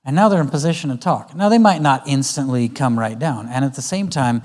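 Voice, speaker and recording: A man's voice: medium pitch, a little fast, a little mellow. A man giving a parenting talk at a church conference, often acting out what a parent and child say to each other in different voices. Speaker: guest speaker. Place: church auditorium.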